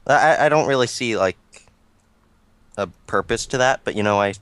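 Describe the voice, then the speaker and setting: A man's voice: medium pitch, normal speed, fairly bright tone, clean tone, no room sound. A man in casual podcast chat, explaining things in a matter-of-fact way.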